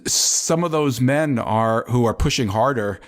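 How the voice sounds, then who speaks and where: A man's voice: mid-range voice, measured pace. A man hosting a business podcast, posing questions thoughtfully with many restarts. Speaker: podcast host. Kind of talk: interview questions.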